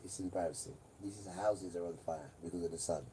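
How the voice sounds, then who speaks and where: Male streamer, deep mellow voice, preachy, repetitive rambling monologue. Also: steady tone, brisk, a little hiss or hum. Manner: preachy, repeats himself, mocking asides. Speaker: livestreamer.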